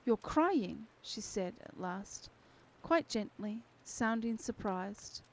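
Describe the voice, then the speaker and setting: A woman streamer reading a novel aloud to her community with steady, expressive narration. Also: medium pitch, takes it slowly, rough recording. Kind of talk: unhurried storybook reading.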